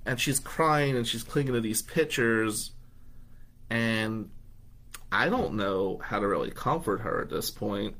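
A man in his fifties from New Jersey, a radio host telling a personal story in an animated, conversational way and acting out the dialogue. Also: on the low side, unhurried.

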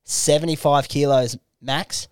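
A man's voice: fairly high pitch, fairly even intonation, unhurried, clean tone, no room sound, clean studio sound. A young Australian man hosting a podcast, telling crude, laughing anecdotes in casual chat. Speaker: podcast host. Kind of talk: casual storytelling.

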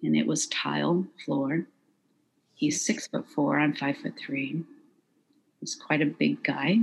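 Soft-spoken woman with a gravelly voice. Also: low-pitched, steady tone, a little hiss or hum, rough recording. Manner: quiet, measured, halting. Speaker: guest. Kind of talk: personal testimony in interview.

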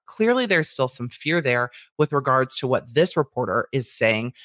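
Animated woman commentator, dry close sound. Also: very deep voice, moderate pace, no room sound. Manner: animated, acts out exaggerated quoted voices. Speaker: commentary host. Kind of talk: casual commentary to camera.

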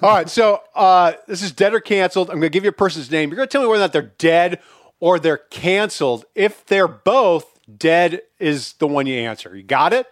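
A man's voice: sits high, lively intonation, brisk, no room sound, clean studio sound. A man hosting a podcast, chatting casually, joking and swearing as he runs a quiz segment. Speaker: podcast host.

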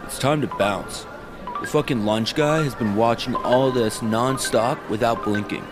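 A man's voice: medium pitch, measured pace, lightly acted. Guy doing a rowdy crude bro, swears a lot, music behind. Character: crude rowdy young male slacker.

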